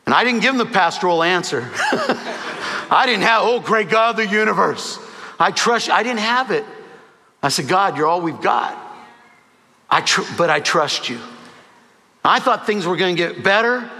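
A man's voice: sits high, bright, forceful tone. A man preaching, telling a personal testimony with emotional storytelling and quoted dialogue. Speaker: pastor. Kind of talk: sermon testimony. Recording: hall reverb.

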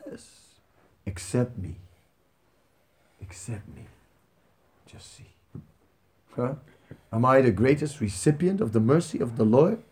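A man's voice: medium pitch, lively intonation, takes it slowly, long pauses, a little mellow. A man voicing a humble male monkey devotee who pleads and rises to emphatic cries while telling a story in a spiritual talk. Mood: anguished.

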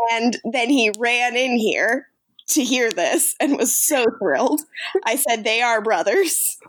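A woman co-hosting a casual podcast, chatty and quick to laugh. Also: a little high. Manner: chatty, laughs often, reads chat logs aloud. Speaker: podcast co-host.

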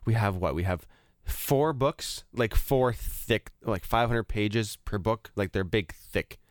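A man's voice: lowish voice, takes it slowly, dry recording, clean studio sound. Chatty man hosting a show. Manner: chatty, many fillers and restarts. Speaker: radio show host. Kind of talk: casual chat.

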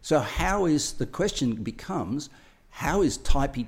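Man, podcast co-host, casual chat, animated, acts out scenes. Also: medium pitch, slow, vocal fry. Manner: animated, acts out little scenes with playful voices.

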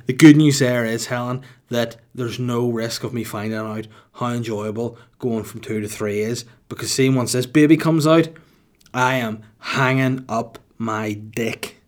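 A man's voice: medium pitch, fairly even intonation, measured pace. A man in his thirties hosting a solo podcast, rambling crudely and jokingly with lots of swearing. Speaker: podcast host.

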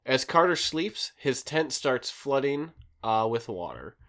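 Recapping a show on his podcast, a man chats casually and rambles, leaning on lots of fillers. His medium-pitched, fairly bright voice moves slowly and swings widely in pitch.

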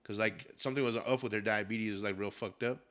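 A young man hosting a casual podcast, telling a story in a profane, animated way. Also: lowish voice, fast talker. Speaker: podcast host.

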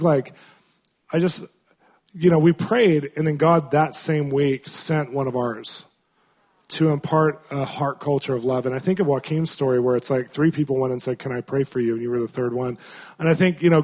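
A male pastor with a mid-range, somewhat mellow voice preaches to his congregation. His sermon takes the form of an earnest, conversational story, punctuated by many fillers and restarts.

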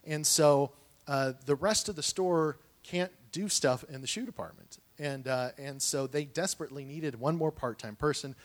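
A man's voice: fairly high pitch, moderate pace. A man telling personal stories in a sermon, earnest and conversational, with frequent restarts and asides. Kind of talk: sermon storytelling.

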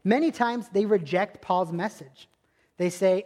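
A man's voice: high voice, measured pace, a little mellow. A man preaching a sermon as pastor, earnest and emphatic, driving points home through repetition. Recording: long hall reverb.

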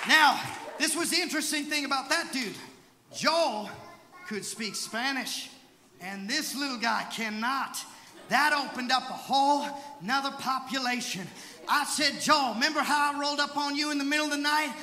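A young male evangelist preaching a storytelling sermon, moving from hushed asides to shouted exhortation. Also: very high voice, moderate pace, a little hiss or hum. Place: large church sanctuary. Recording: echoey hall with crowd.

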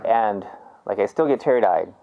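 A man's voice: lowish voice, animated, measured pace, vocal fry. Heartfelt man telling a story, lo-fi. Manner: heartfelt, many "like" fillers, restarts. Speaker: storyteller recounting experiences. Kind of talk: casual personal storytelling.

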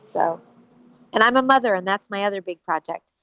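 A woman's voice: medium pitch, brisk, bright, forceful tone, clear, resonant tone, highs cut off. A woman voice actor chatting candidly as an interview guest, earnest and a little rambling. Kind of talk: casual interview chat.

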